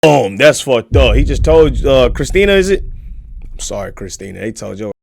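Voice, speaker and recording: A man streaming, giving crude, joking commentary as he reacts to a video, swinging from loud outbursts to mumbled asides. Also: medium pitch, lively intonation, moderate pace, creaky.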